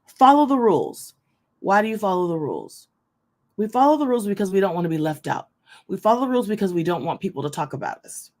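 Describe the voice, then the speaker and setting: A middle-aged woman hosting a casual faith talk, loud, fast and forthright in how she speaks. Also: medium pitch, sing-song. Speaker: host.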